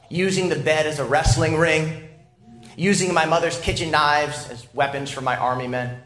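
A man's voice: a little high, fairly bright tone. A man, a pastor, preaching a sermon with emphatic delivery and frequent rhetorical "Right?" checks to the congregation. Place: church sanctuary. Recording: echoey church room.

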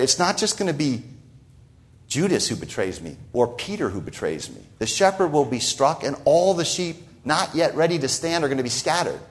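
A man preaching a sermon in a conversational way, often adding "right?" asides. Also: on the high side. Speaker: pastor.

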